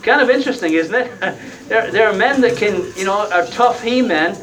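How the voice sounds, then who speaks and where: A man's voice: high voice, expressive, moderate pace, recorded from a distance, noisy background. A man preaching a sermon in a conversational, folksy way, often tagging his points with rhetorical questions.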